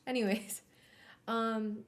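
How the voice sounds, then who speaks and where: A young adult woman streamer reading a novel aloud and chatting about it in a casual, animated way, swearing casually and laughing often. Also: a little high, slow, a little hiss or hum. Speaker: streamer hosting a book club.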